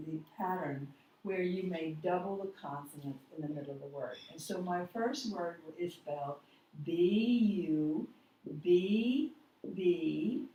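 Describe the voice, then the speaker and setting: A woman teaching a phonics lesson, speaking deliberately and spelling out words letter by letter. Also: fairly low pitch, warm tone. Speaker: reading teacher. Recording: echoey room, voice from a distance, faint noise.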